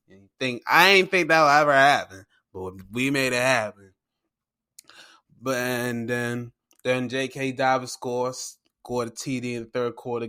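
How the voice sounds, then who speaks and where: Male podcast host, casual sports recap, slangy and profane, bright and forceful delivery. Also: on the high side. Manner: excitable and slangy, swears freely; retells games by acting out his own reactions.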